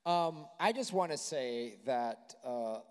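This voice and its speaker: A man's voice: mid-range voice, lively intonation, slow, darkish tone, clean tone. Guy hosting a live movie podcast, jokey, bouncy delivery, big hall echo. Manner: playful, jokey, puts on silly voices. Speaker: podcast host. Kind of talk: live comedic movie chat. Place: stage before a live audience. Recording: long hall reverb in a venue.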